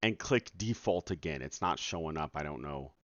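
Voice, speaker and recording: A deep-voiced man talks his live-stream audience through his work, swearing and sarcastic, his pitch jumping from low mutters to high outbursts. The sound is dry and close, picked up on a desk mic with a slightly dull, lo-fi tone. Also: expressive, normal speed, a bit bright, no echo. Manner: exasperated, profane and sarcastic. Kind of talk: casual live-stream commentary. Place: at home at night.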